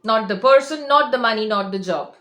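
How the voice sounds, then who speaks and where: A fairly high-voiced woman talks straight to her viewers as a coach. She is insistent and emphatic, hammering on the same points again and again. The room around her rings with echo. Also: a little fast, fairly bright tone. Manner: insistent, repeats herself, emphatic. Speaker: manifestation coach. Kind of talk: direct-to-camera motivational talk.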